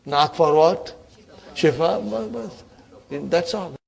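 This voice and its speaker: A man teaching an online Arabic grammar class, encouraging his students and often checking in with a quick "huh?". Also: fairly high pitch, creaky, darkish tone. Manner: addresses students as brothers and sisters.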